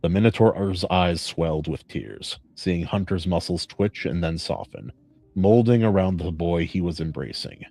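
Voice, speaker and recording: A man hosting a podcast, reading a story aloud in a measured, earnest way and then chatting casually. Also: low-pitched, no echo. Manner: measured, earnest reading; warm praise in chat.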